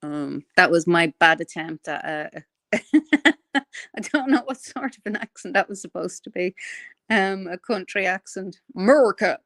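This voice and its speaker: A woman's voice: fairly low pitch, lively intonation, a little slow, bright, forceful tone, no echo, studio quality. A woman hosting a casual livestream, chatting bluntly with viewers and thinking aloud in a rambling, opinionated way. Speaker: livestream host. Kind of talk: casual livestream chat answering viewer comments.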